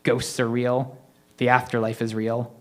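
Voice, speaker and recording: A man's voice: medium pitch, completely flat delivery, measured pace, close to an everyday voice. A man reading a story aloud, voicing a vengeful male ghost who possesses a middle-aged man, with mocking, theatrical menace.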